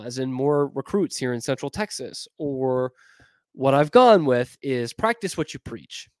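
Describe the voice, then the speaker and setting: A man's voice: mid-range voice, no echo, clean studio sound. A man hosting a sports talk show, giving frank, opinionated commentary with emphatic delivery and playful wordplay.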